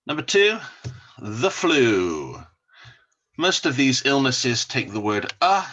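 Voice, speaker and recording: Slow, bright-voiced male English teacher. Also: medium pitch, sing-song, muffled recording. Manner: slow, repeats each word for learners to copy. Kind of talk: recorded vocabulary lesson.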